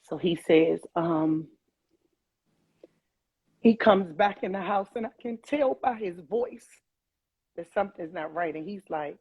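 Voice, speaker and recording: A woman, a mother of older children, recounting a painful family memory in an emotional, vivid way, acting out the dialogue with halting restarts. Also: fairly low pitch, slightly rough. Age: adult, mother of older kids. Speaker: guest telling her story. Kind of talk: emotional personal storytelling. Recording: dull, slightly muffled dry sound.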